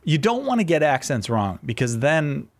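A man's voice: on the high side, very animated. A man hosting a call-in radio show, chatting casually and laughing easily with his guest. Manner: jokey, laughs easily, quick asides.

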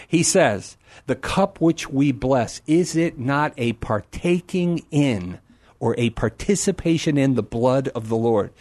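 A middle-aged man teaches Scripture to a caller on a call-in radio show, with a voice pitched a little high for a man. He speaks with emphasis and swings his pitch widely. He sometimes slips into playful crowd voices to make a point. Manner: animated, emphatic, acts out crowd voices for humor. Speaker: Catholic radio host answering a caller.

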